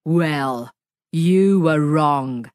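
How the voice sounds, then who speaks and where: A woman voicing a big, kind alien monster with a deep, dark, booming voice, speaking in a stern but gentle way in a storybook reading. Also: very slow, no room sound, studio quality. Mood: firm.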